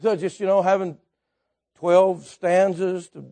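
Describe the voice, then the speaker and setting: A man preaching a sermon, telling stories with folksy asides and swinging from quiet remarks to shouts. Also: high voice, steady tone, unhurried.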